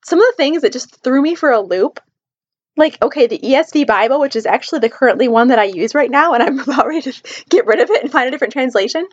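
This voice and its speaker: Earnest high-voiced woman vlogging. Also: expressive, quick pace, lo-fi sound. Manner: earnest and emphatic, repeating points for stress. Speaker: Christian book reviewer. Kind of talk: casual personal vlog talk.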